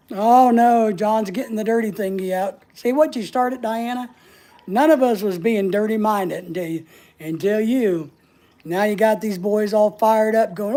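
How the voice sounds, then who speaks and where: A woman's voice: medium pitch, unhurried, dark tone. A woman hosting a casual livestream, answering viewer comments in a playful, teasing way and laughing often. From United States. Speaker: livestream host.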